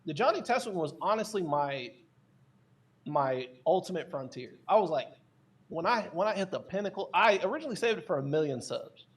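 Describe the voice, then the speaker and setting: A man as a podcast guest telling casual, animated stories, with many fillers and restarts. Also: sits high, fairly quick, husky. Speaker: guest, content creator.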